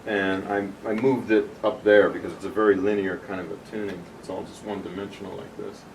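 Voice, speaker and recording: Brisk and flat, this man's fairly low voice carries through a distant room mic with background noise. He's presenting tuning software, patiently taking a small group through the demo step by step in a casual, explanatory way.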